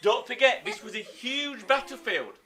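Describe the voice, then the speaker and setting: A man with an English accent teaching a live online history lesson to children, telling the story with lively acted-out voices. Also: very high-pitched, moderate pace. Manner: lively storytelling, acts out scenes in silly voices. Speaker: primary school teacher.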